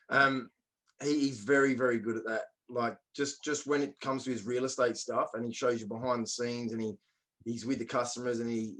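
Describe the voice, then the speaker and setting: A man's voice: medium pitch, low-quality recording. An Australian man co-hosting a podcast, chatting casually and telling stories with animation. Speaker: podcast co-host. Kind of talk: casual chat.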